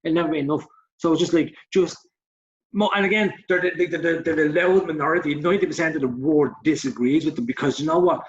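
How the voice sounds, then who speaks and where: A fast-talking man in his forties with a slightly high voice co-hosts a casual podcast chat, getting heated and sweary and mocking others in put-on voices. The podcast audio is dull and lo-fi.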